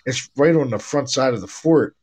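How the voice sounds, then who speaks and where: A man's voice: mid-range voice, a little fast, darkish tone. A man hosting a podcast, telling ghost stories in a laid-back, casual way, with a stuffy nose and lots of "man" and "dude.". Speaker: podcast host, paranormal investigator. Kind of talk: casual chat.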